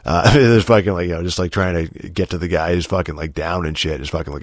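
Man, very deep voice, rambling profane gaming chat, dry close sound. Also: fairly even intonation, moderate pace, no echo. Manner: profane, rambling, heavy filler words. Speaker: gamer telling stories. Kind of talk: casual rambling monologue.

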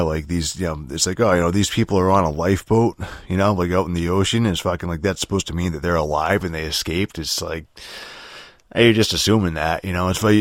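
A man's voice: low-pitched, dry recording, studio quality. A young man streamer in a casual, rambling rant about a video game, frustrated and swearing a lot, with many fillers and restarts.

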